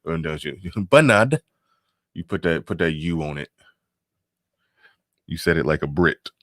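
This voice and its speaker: On a casual live stream, a very low-voiced man reads chat comments out loud, riffing loosely, repeating phrases, and chuckling as he goes. His delivery is flat, at normal speed, with a fairly bright tone, and the sound is close and dry with no echo.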